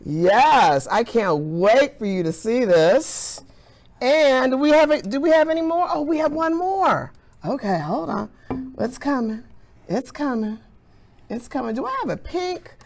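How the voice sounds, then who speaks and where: A woman's voice: fairly high pitch, vocal fry, a little mellow. A woman science teacher leading a hands-on classroom demonstration in an enthusiastic, encouraging way.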